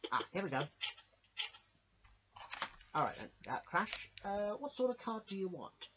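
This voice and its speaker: A man's voice: high voice, sing-song, measured pace, noisy background. A man hosting a casual retro gaming video, easygoing and full of fillers. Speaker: channel host. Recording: dull lo-fi with game music.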